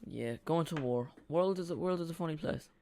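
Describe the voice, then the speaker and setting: A man's voice: fairly high pitch, brisk, gravelly, dark tone, slight background noise. A man streaming a live watch-along, chatting casually in a rambling way, repeating himself and reacting to the play.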